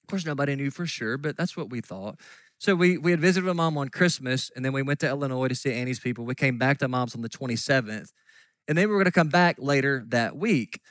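Earnest pastor preaching, dry sound. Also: male voice, medium pitch, fast, no room sound. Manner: earnest storytelling, drops to soft near-whispers. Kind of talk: sermon.

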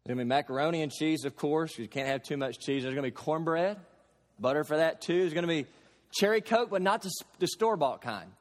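A pastor from Kentucky preaching a sermon, emphatic, with slow stressed phrases and homely everyday examples. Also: male voice, a little high, lively intonation, long reverb tail.

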